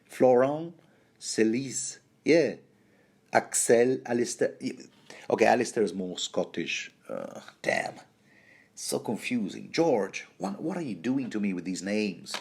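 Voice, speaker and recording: A man's voice: lowish voice, huge pitch swings, unhurried, gravelly, breathy edge. A man hosting a rambling, jokey book commentary, often stumbling and restarting mid-sentence.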